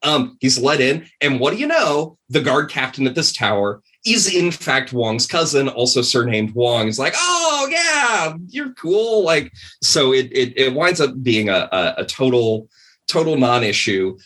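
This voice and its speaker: Animated, husky-voiced man telling a story. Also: mid-range voice, normal speed. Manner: rambling, animated, many fillers. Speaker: podcast guest, game designer. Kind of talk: casual podcast storytelling.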